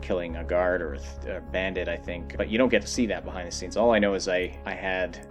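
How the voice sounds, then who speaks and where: Hesitant young man, lowish voice. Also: steady tone, a little fast. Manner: hesitant, restarting phrases. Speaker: guest. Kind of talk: casual game discussion. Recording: faint background music.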